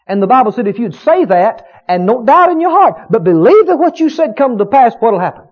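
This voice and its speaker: A man preaching a sermon, stretching out key words for emphasis and rising to loud shouts of praise. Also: very high voice, animated, brisk, few pauses. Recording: dull lo-fi sermon recording.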